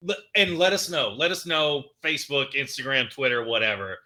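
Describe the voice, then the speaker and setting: Joking podcast dude, super bright voice, bouncy ups and downs. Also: male voice, medium pitch, fairly quick. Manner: jokey, animated, laughs at his own bits. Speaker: podcast co-host. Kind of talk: casual chat.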